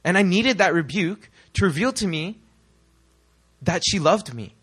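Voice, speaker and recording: Young male preacher, from the US, bright ringing tone, animated sermon delivery. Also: sits high, unhurried, slightly rough. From United States. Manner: animated, rhetorical questions to the congregation.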